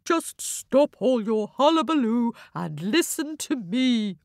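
A wise old owl takes charge of the squabbling birds, as a woman puts him on in a high, hooting, firm voice. He is bossy and sure of himself. The sound is dry and close. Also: big pitch swings, takes it slowly, dry recording, exaggerated voice. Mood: commanding.

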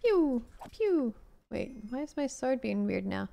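A woman's voice: on the high side, moderate pace, creaky, dark tone. Chatty young woman streaming a game. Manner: chatty, playful, talks to chat while playing. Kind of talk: casual gameplay commentary.

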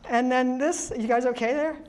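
A middle-aged woman giving a presentation to an audience, telling anecdotes in an animated, chatty way with frequent restarts. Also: high-pitched, normal speed. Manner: chatty, animated storyteller with many restarts and laughs. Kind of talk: conference presentation storytelling.

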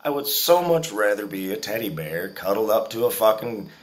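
A man's voice: lowish voice, big pitch swings, moderate pace. A man in his forties telling a story to his viewers in a casual, profane, boastful way. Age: 40s. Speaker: vlogger.

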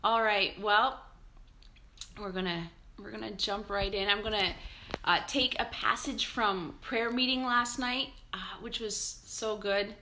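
Bright, upbeat woman pastor. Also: medium pitch, fairly even intonation, measured pace, a little hiss or hum. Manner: chatty, upbeat, greeting viewers by name. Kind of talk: live-streamed morning devotional.

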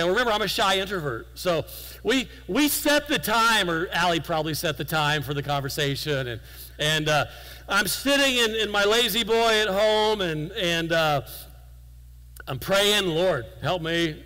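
A man giving a guest sermon in a church, telling stories in a relaxed, conversational way with self-deprecating humor. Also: high voice, normal speed, long reverb tail, poor audio. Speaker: guest preacher. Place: church sanctuary.

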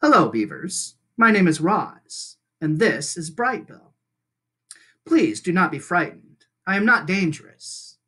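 A teacher reading aloud and voicing a calm, polite female robot who speaks in flat, formal, measured sentences. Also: mid-range voice, slightly rough, exaggerated voice.

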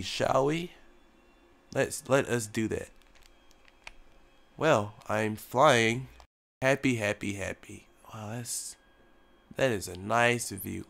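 Young male gamer with a cold, goofy mock-pilot patter, bright tone, slow delivery. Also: mid-range voice, gravelly, clean tone. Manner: joking, plays a mock tour pilot. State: sick, coughing. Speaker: gaming YouTuber. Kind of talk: casual gameplay commentary.

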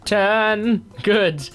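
Excitable giggly woman narrating gameplay. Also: mid-range voice. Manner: excitable, giggly, breaks into sung dance noises. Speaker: gaming video host. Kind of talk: casual gameplay commentary.

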